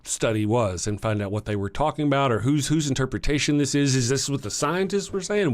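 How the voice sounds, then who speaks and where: A man with a Texan accent chats loosely on a livestream, reading out viewer comments and thinking aloud. His voice sits at an ordinary middle pitch, and he speaks haltingly, with many restarts and chuckles. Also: lively intonation. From Texas. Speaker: livestream host.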